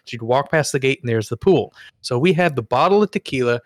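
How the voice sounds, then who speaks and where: A man co-hosting a podcast, telling a story in a lively, casual way with some swearing. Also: medium pitch, fast, no room sound, clean studio sound. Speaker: podcast co-host.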